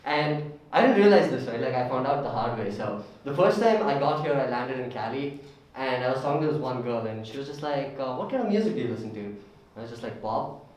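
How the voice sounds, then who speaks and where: A man's voice: mid-range voice, expressive, brisk, darkish tone. Indian-accented young man doing stand-up. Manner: chatty, self-deprecating, peppered with "like". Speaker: stand-up comedian. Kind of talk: stand-up comedy set. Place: campus comedy club open mic. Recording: echoey room, far from the mic.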